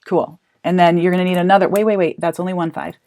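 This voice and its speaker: A woman teacher with a fairly low voice walks parents through a hands-on counting activity. She is chatty and encouraging, and she thinks aloud as she goes. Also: steady tone, quick pace, mellow. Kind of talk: explaining a math activity to parents.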